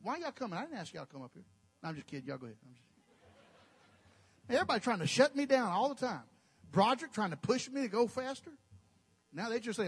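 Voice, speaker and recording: A man's voice: very high voice, big pitch swings, quick pace, pauses often, slightly rough, long reverb tail. A male pastor, preaching emphatically with folksy, joking asides. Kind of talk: sermon.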